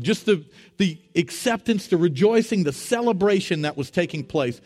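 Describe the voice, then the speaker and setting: Animated pastor telling a sermon story. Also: male voice, moderate pace. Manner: animated, rising to high excited voices when retelling dialogue.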